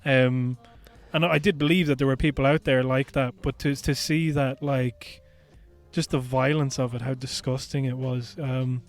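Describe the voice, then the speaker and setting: A man's voice: mid-range voice, flat delivery, normal speed, faint music behind. A man co-hosting a podcast, telling stories in an earnest, reflective way with lots of "like" and "you know". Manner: earnest, reflective storytelling with many fillers. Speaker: podcast co-host. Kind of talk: casual chat.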